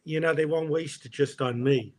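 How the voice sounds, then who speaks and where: A man co-hosting a comedy stream, chatting casually with a guest. His voice sits a little higher than most men's. He laughs easily and stumbles over quick restarts as he talks. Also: steady tone, a little mellow. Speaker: co-host of a live comedy stream. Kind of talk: casual chat.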